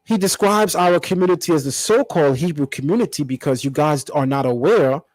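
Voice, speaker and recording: A man with a high, bright speaking voice, recorded dry and close to the mic. He answers a critic in a combative commentary, repeating his key words for emphasis. His tone stays lively and pointed. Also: a little fast, no echo, poor audio. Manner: animated, combative, emphatic repetition. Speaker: channel host. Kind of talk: confrontational commentary vlog.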